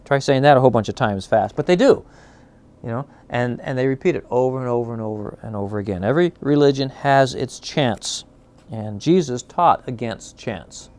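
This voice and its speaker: A man teaching a Bible class in a classroom. He talks conversationally, often checks in with "okay?", gropes for words and slows down to sound out Hebrew words. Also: mid-range voice, expressive, a little mellow. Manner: searches aloud for words, with fillers and restarts.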